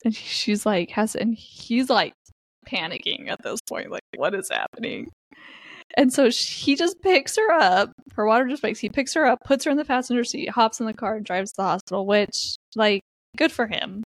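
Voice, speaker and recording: A woman's voice: a little high, expressive, moderate pace, no echo. A woman casually recapping a novel with a friend, chatty and laughing as she retells scenes. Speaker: book discussion co-host.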